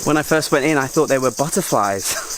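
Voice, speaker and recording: A man with an ordinary-pitched voice talks briskly into a handheld camera for his travel vlog, chatty, excitable and full of joking asides. Out on mountain roads and in a jungle park, insects, crickets and passing traffic are clearly audible behind him.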